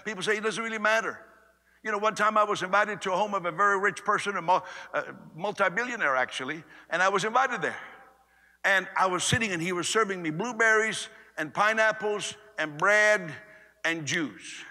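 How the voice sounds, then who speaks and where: A man preaching a sermon in a conversational way, swinging between loud and hushed delivery. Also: high voice, brisk. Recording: long reverb of a large hall.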